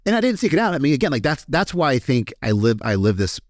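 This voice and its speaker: A man from Kentucky, a podcast guest telling his story in a candid, animated way and swearing freely. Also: mid-range voice, fast talker, no echo, studio quality. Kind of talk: casual storytelling interview.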